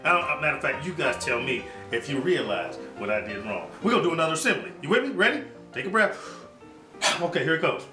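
A man's voice: a little high, big pitch swings, quick pace, bright, forceful tone, echoey room, soft background music, poor audio. A man hosting a casual home cooking show, joking and hyping each step straight to his viewers.

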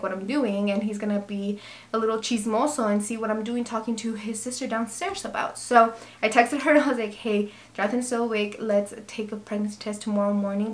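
A woman in her twenties telling a personal story to camera in an excited, chatty way. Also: a little high. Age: 20s. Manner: excited, animated retelling with many asides. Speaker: vlogger.

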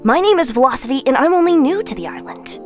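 A woman's voice: high-pitched, animated, quick pace, soft background music. A woman voicing a sweet, polite young woman new to an island in a game machinima. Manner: polite, friendly.

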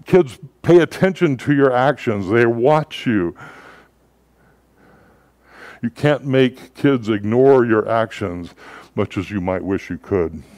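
A man giving a sermon as a pastor, telling stories in a relaxed, conversational way with frequent filler words. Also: mid-range voice, slow pace, pauses often, no room sound.

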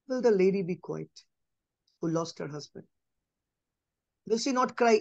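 A man giving a conversational Bible teaching, emphatic, repeating key phrases and dropping to a soft, low voice. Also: animated, moderate pace, gravelly, pauses often, dry recording, lo-fi sound. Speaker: preacher.

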